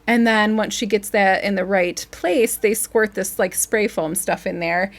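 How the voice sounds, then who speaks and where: A woman's voice: medium pitch, steady tone, unhurried. A woman co-hosting a casual live stream, telling rambling stories and laughing often. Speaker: co-host, singer.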